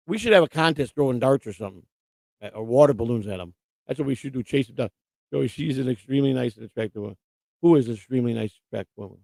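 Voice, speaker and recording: A man's voice: medium pitch, racing, vocal fry, a little mellow, no room sound. A middle-aged man hosting a live stream, rambling and combative in casual chat. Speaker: livestream host.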